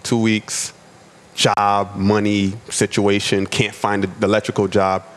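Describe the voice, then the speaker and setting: A man's voice: fairly low pitch, little pitch movement, slow. Earnest man telling his life story. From United States. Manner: earnest, repeats words, acts out dialogue. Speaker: podcast guest, restaurant owner. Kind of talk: personal storytelling.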